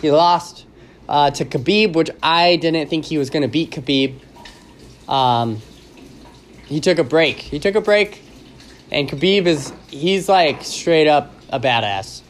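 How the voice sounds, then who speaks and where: A man with a somewhat high voice hosts a loose, casual solo podcast, rambling and joking his way through stories at a measured pace. His talk is full of ums, uhs and restarts. A little hiss or hum can be heard.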